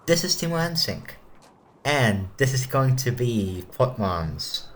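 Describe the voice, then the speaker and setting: A young man hosting a casual let's play, chatting and reading game text aloud quickly and flatly. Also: mid-range voice, a little hiss or hum. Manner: reads game text aloud fast and flat. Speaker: gamer.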